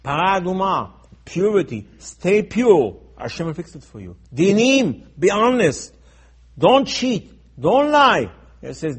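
A man teaching in a sermon style, emphatic and repetitive, acting out dialogue, going from soft asides to loud urgent stresses. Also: fairly high pitch, slightly rough. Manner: acts out dialogue in his teaching. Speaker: Torah teacher.

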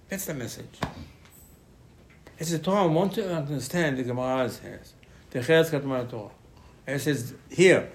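Man teaching a lively Torah lesson. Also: a little high. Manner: animated, acts out dialogue, ungrammatical phrasing.

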